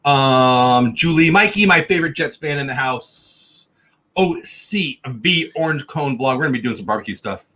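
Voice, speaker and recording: A man hosting a casual livestream, greeting viewers by name in quick, upbeat shout-outs. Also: mid-range voice, expressive. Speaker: livestream host.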